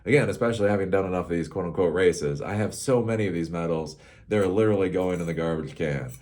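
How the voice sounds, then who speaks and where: A man's voice: low voice, fast talker, a little mellow. A middle-aged man hosting a casual, rambling tech commentary show, sarcastic and laughing at his own jokes.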